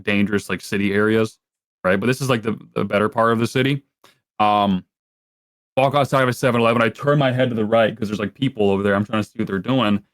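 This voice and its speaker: A man's voice: fairly low pitch, a bit bright, no room sound, studio quality. A young adult man talking as a podcast guest in a rambling, profane way, full of filler words. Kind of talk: casual podcast chat.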